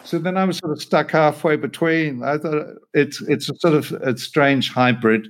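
A man's voice: a little high, moderate pace, very noisy. A man, an actor being interviewed, telling stories in a self-deprecating, hesitant way with frequent laughs. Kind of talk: relaxed interview storytelling.

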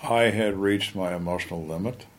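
Casting: older man, very deep voice, blunt, wry ex-detective telling stories, faint noise behind. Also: moderate pace. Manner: blunt, plain-spoken, wry. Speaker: retired homicide lieutenant, guest. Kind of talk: candid storytelling interview.

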